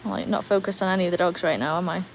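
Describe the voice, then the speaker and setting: A woman's voice: lowish voice, fairly even intonation, very fast, noisy background. Chatty British woman on a home livestream. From Britain. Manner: chatty, reads out viewer comments, talks to her dogs. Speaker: livestream host. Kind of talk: casual livestream chat. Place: home with her dogs.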